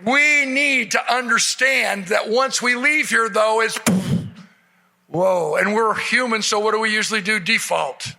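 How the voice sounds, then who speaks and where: A man's voice: high-pitched, brisk, creaky. A man giving a humorous motivational keynote to a live audience, telling stories and acting out the voices of the people in them. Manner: animated, acts out quoted voices. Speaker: motivational speaker. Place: event stage before a live audience.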